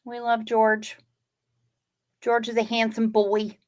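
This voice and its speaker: A woman hosting a casual livestream, reading viewer comments in a gentle, sympathetic way. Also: on the high side, completely flat delivery. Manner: slow, gentle and sympathetic, talking to chat. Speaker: livestream host.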